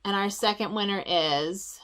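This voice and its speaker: A woman from the Philadelphia area talks through her stitching vlog at home in an easygoing, chatty way. She is excitable and rambles into quick asides, and her voice sits at an everyday middle pitch. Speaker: stitching vlogger.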